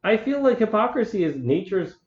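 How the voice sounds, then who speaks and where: A man's voice: sits high, sing-song, fairly quick. A man co-hosting a casual podcast chat, rambling through stories and laughing mid-sentence. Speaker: podcast co-host. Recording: roomy, dull lo-fi audio.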